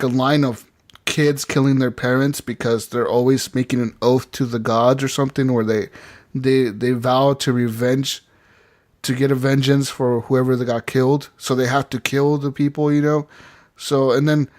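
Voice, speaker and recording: A man's voice: medium pitch, darkish tone. A man co-hosting a gaming podcast, chatting casually and animatedly, swearing often and acting out bits of game dialogue. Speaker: podcast co-host.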